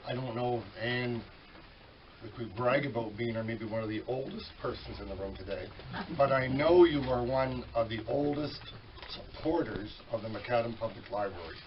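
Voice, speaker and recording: A man's voice: medium pitch, moderate pace, background noise. Man emceeing a library dedication, distant. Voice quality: weak voice. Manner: folksy, chatty, self-correcting. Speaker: master of ceremonies. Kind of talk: public ceremony announcements. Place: library at a public dedication event. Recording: distant, dull event recording with crowd.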